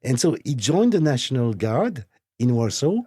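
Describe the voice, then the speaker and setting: Guy guesting on a chat show, mellow husky tone, stops and restarts a lot. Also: mid-range voice, very animated. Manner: hesitant, halting, repeats words. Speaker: watch brand executive, guest. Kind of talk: casual interview. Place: recording studio.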